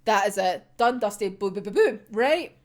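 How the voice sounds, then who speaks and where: A woman's voice: mid-range voice, lively intonation, moderate pace. A young woman chatting casually as a manga reaction vlogger, sweary and dramatic, laughing often and rambling with fillers. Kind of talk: casual chat.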